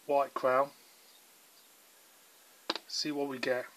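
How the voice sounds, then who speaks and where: A man with a southern English accent talks through a beer review in a relaxed, meandering way, full of ums and asides. His voice sits at an ordinary pitch but has a bright, forward ring to it. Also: extremely slow, slight background noise. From England. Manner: chatty, rambling, filler-heavy. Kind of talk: casual video review.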